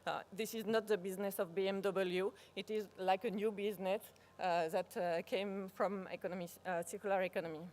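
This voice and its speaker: Halting French-accented woman presenter. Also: mid-range voice, fairly even intonation, a little mellow. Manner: halting, searching for words, many restarts. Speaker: workshop presenter. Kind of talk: live workshop presentation. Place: conference workshop room.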